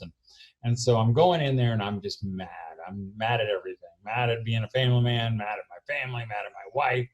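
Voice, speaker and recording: A middle-aged man telling a story in a keynote talk, recorded alone in his barn, acting out his own quotes loudly. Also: mid-range voice, moderate pace. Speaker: homeschool speaker. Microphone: self-recorded camera.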